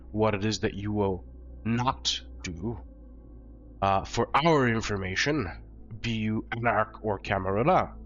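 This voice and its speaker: A hoarse man voicing a languid female vampire official who lays out rules in a businesslike way in a tabletop game. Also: fairly low pitch, fairly bright tone. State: hoarse from flu. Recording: dull lo-fi recording, faint music.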